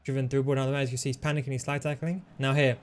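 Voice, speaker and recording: A man hosting a gaming tutorial, talking through his moves in a relaxed, coaching way as he plays. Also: mid-range voice, very fast, faint music behind. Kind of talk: commentary over gameplay.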